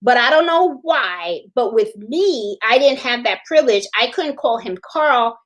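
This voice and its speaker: Lady hosting a live craft stream, kinda high voice, rambly and laughing a lot, reading out comments. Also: expressive, unhurried. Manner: chatty and rambling, laughs often, answers viewer comments. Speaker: host of a live sewing and embroidery stream. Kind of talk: casual livestream chat.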